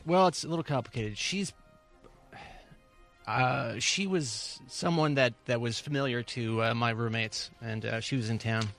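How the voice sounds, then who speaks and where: A man's voice: mid-range voice, unhurried, creaky, fairly bright tone, soft background music. A man co-hosting a radio show, answering in a sheepish, hesitant, stammering way. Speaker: radio co-host. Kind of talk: comedic radio banter.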